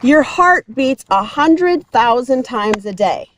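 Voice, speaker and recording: Out on a hike, a woman hosts a casual health talk in a high, expressive voice with a bit of hiss or hum. She takes her time, explaining things upbeat and laughing easily.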